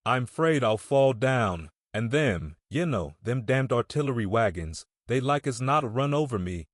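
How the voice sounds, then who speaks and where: A wounded young soldier, as a man reads him, talks in a rough rural dialect, dazed and begging. His voice rises higher than the reader's own and sounds close and dry. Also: lively intonation, a little slow, no room sound. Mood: frightened.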